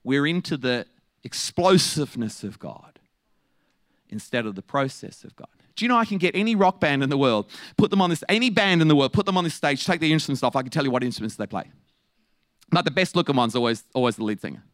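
A man preaching a sermon to his church, mixing jokes and quick asides with his message. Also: medium pitch, dry recording. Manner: humorous, animated, quick asides with laughs.

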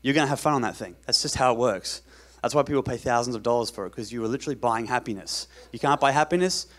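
Male pastor, mid pitch, conversational sermon delivery with repeated lines for emphasis. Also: fast.

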